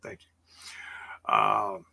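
A man talks slowly and loosely, recapping for his chat. His voice is bright and forward. He drifts into sarcastic asides and filler words. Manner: rambling, sarcastic asides, frequent ums and laughs. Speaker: wrestling show recap host. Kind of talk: casual livestream recap chat.

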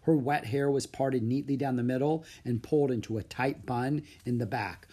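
A narrator reads a children's book aloud with expressive storytelling. His voice is medium-pitched and slightly rough, and he keeps a moderate pace.

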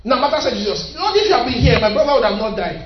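High-pitched preacher, echoey hall. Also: male voice, very animated, very fast, slight background noise. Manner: emphatic, repeats phrases, shouts at peaks, reads scripture aloud. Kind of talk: sermon. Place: church hall. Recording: echoey hall, distant mic, dull sound.

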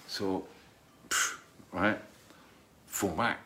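A middle-aged man, a singer, chatting casually as he answers viewer questions and tells stories in a rambling, halting way. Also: deep voice, fairly even intonation, a bit bright, a little hiss or hum. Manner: rambling, halting, full of restarts and asides. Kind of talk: casual chat, storytelling.

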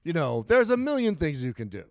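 Smooth-voiced man riffing in casual chat. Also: fairly high pitch, a little fast, no echo. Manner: animated, rambling storyteller with frequent restarts. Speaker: podcast co-host.

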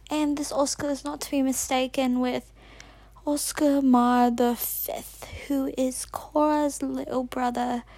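Host, female, high voice, put-on British accent, nervous rambling delivery with whispered asides, dry close sound. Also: creaky, no room sound. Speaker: podcast host. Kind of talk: casual rambling monologue.

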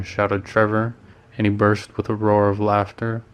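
A man narrating a story in a steady, plain reading. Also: lowish voice, a little slow. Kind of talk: scripted narration.

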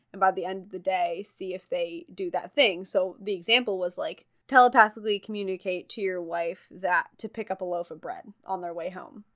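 A woman's voice: medium pitch, a bit bright. A young woman in casual conversation, talking freely with many fillers and easy laughs. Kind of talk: casual chat.

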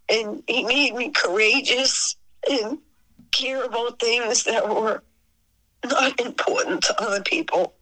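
A woman in her sixties with a Boston accent, a singer telling stories as an interview guest, sentimental and quick to laugh. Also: on the high side, gravelly, bright, forceful tone, low-quality recording. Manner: laughs often, sentimental, sarcastic wit. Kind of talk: emotional storytelling.

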